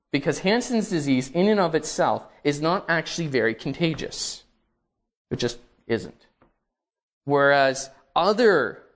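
A man preaching a sermon, reading scripture aloud with slow, emphatic stresses and dramatic rises. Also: fairly high pitch.

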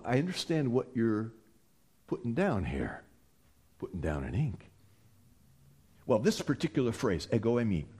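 Animated male preacher, husky voice. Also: mid-range voice. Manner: animated and emphatic, with frequent restarts. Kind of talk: sermon.

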